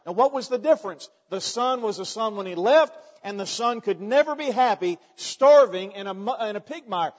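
Male preacher, folksy repetitive storyteller; high voice, muffled hall recording. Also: normal speed, few pauses. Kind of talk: sermon. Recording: echoey hall, dull sound.

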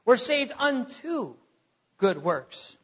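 A man preaches with a high, animated voice that swoops widely. He jokes and acts out mocking voices. The recording is dull and carries a long church reverb. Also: drawn-out words, breathy edge. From Texas. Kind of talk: sermon. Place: church sanctuary.

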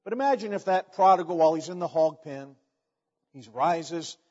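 A man's voice: fairly high pitch, lively intonation, normal speed, darkish tone. A man preaching a sermon, telling a folksy story with lots of repetition, in an echoey hall with dull sound.

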